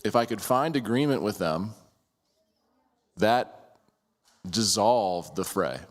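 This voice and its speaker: A man's voice: lowish voice, expressive, slow pace, long reverb tail. A man in casual conversation telling a personal story, hesitant with stammered restarts. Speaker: group member sharing a story.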